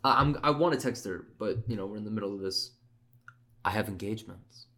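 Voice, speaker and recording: A man's voice: fairly low pitch, brisk, bright, forceful tone. A man co-hosting a podcast, bantering and teasing his friend in casual chat. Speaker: podcast co-host.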